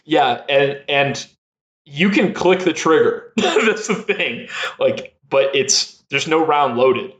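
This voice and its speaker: A man's voice: on the high side, animated, takes it slowly, a bit bright. A young man chatting as a podcast guest, rambling and laughing a lot with many fillers. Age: young adult. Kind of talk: casual chat.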